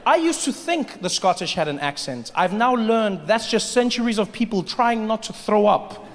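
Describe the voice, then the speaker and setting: A man doing stand-up comedy, telling stories with animated delivery and acting out characters. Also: sits high, normal speed, long reverb tail, slight background noise. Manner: animated storytelling, acts out characters.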